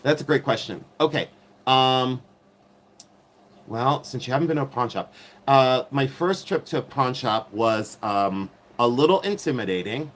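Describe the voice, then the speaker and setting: A man's voice: mid-range voice, expressive, normal speed, fairly bright tone. A middle-aged man hosting a casual live stream, rambling with many ums and turning sassy and catty when riled.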